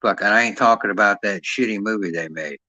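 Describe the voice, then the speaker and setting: A man's voice: on the low side, fast, pushed and bright, no room sound. A man talking casually and profanely at length, rambling and ending his sentences with "man". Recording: dull lo-fi dry sound.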